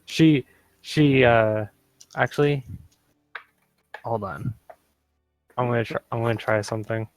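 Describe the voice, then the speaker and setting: A man's voice: medium pitch, unhurried, long pauses, faint music behind. A young man playing a character in a tabletop game, hesitant and repeating words as he describes what she does. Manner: hesitant, repeats words, narrates his character in third person. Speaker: player.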